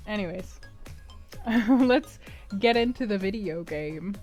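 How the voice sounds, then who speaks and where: A woman's voice: medium pitch, animated, slow, darkish tone, soft background music. A woman streamer chatting casually while she plays, rambling and laughing often. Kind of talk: casual chat while gaming.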